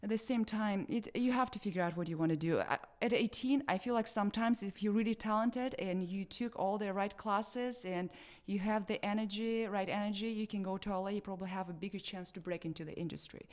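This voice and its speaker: A woman's voice: medium pitch, a little fast, hardly any pauses, darkish tone. A woman with a Russian accent, an actress chatting in an interview with many fillers and restarts. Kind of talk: casual interview chat.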